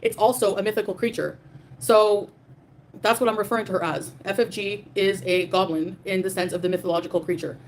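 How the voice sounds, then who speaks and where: A woman's voice: mid-range voice, steady tone, fairly quick, a little hiss or hum. A young adult woman hosting a livestream, ranting defiantly and profanely at her chat, with many fillers. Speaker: livestream host. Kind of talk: livestream rant reading super chats.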